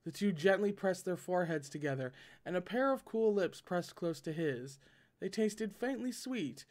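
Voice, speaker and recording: A man's voice: high-pitched, expressive, moderate pace, a little mellow. A man reading a novel aloud with commentary, often stumbling, correcting himself and breaking off into joking asides. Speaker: reader and commentator.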